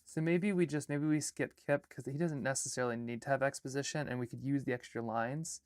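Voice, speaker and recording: A man's voice: mid-range voice, fairly even intonation, brisk, no room sound, studio quality. A young man from Alaska, an artist and filmmaker, chatting casually on a livestream while he rambles through edits and reads chat comments and draft lines aloud.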